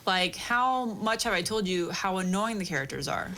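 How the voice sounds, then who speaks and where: A woman's voice: fairly low pitch, lively intonation, normal speed, fairly bright tone, slight background noise. A young woman co-hosting a podcast in casual chat, giggly and teasing. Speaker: podcast co-host.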